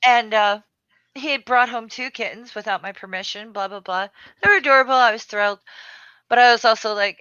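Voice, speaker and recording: A woman chatting casually, blunt and crude, telling animated stories. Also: a little high, normal speed, smooth, no room sound, lo-fi sound. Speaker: storyteller. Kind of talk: casual chat.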